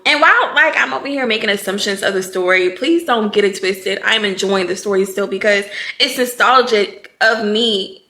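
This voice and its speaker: A woman's voice: mid-range voice, bright, forceful tone. A woman chatting casually to camera as a book vlogger, playful and talkative, calling listeners honey and baby.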